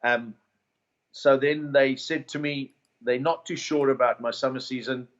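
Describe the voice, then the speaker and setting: A man's voice: medium pitch, measured pace, muffled recording. A man with a South African accent, a comedian guest telling career stories in a casual interview. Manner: animated anecdotes with put-on quoted voices.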